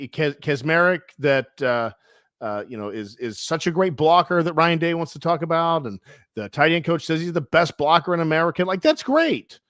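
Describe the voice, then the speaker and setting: A man's voice: fairly high pitch, a bit bright, no room sound, studio quality. A man co-hosting a sports podcast, giving blunt opinions in casual chat with many fillers. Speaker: podcast co-host.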